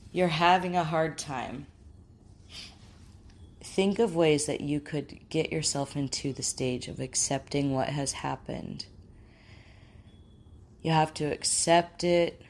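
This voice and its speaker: A woman hosting a talk show, speaking earnestly and gently about grief and quoting inner thoughts. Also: low-pitched.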